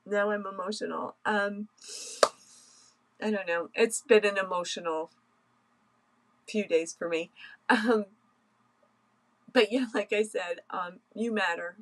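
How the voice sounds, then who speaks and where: Slow, hesitant woman hosting a craft livestream. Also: mid-range voice, a little hiss or hum, low-quality recording. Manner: emotional, hesitant, many ums, soft laughs. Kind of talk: casual live-stream chat.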